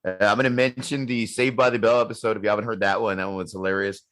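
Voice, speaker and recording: A man's voice: lowish voice, little pitch movement, quick pace. Rambling man in casual podcast chat. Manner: rambling, repeats words, joking. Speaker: podcast co-host.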